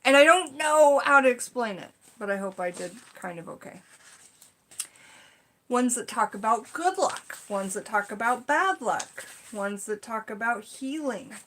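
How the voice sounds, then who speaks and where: A woman's voice: fairly high pitch, animated, unhurried, a bit bright, a little hiss or hum. A young woman in casual vlog chat, reading folk magic lore from a book and rambling off into chatty asides. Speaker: witchcraft vlogger.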